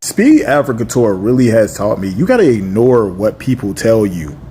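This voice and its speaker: A man's voice: lowish voice, big pitch swings, moderate pace, dark tone, a little hiss or hum. A man giving casual, earnest reaction commentary in slangy talk.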